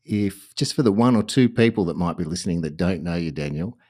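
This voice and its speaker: An Australian man with a low voice hosting a podcast interview. He talks in a chatty, friendly way, often restarting his sentences as he goes. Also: lively intonation, fairly quick, a little mellow. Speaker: podcast host. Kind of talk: podcast interview, casual chat.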